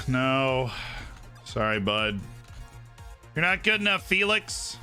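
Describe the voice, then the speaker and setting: A male streamer giving lively, excitable commentary on a football management game as he plays live, shouting at his players on screen. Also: medium pitch, takes it slowly, faint music behind.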